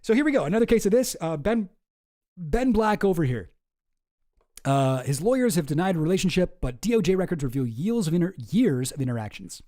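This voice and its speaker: A man's voice: sits high, very animated, fairly quick, dark tone, no room sound, studio quality. A man casually reading news articles aloud and breaking off into sarcastic asides, mock voices and restarts. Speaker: political commentary streamer.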